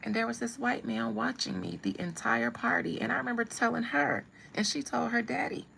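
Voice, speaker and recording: Gravelly woman telling a story. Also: fairly high pitch, brisk, a bit bright, slight background noise, poor audio. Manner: blunt, humorous storytelling with asides. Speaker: live stream host. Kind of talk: casual storytelling.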